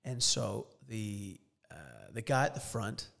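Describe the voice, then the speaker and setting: A man co-hosts a casual podcast with a gravelly edge to his voice. He tells stories freely and swears without a second thought. His voice carries a long reverb tail. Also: lowish voice, steady tone, takes it slowly, a bit bright. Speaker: podcast co-host.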